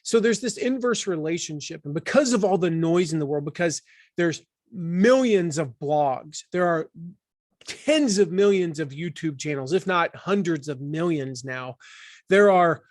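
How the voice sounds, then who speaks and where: A man in his forties from the Southern United States, talking as an author in an interview, animated and full of restarts. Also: on the high side, moderate pace, dry recording, clean studio sound. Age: 40s. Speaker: author and guest. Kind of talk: conversational interview.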